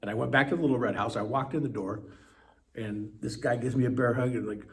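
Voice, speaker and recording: A man as an interview guest, telling his story in an animated way with quick bursts. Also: mid-range voice. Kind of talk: personal storytelling.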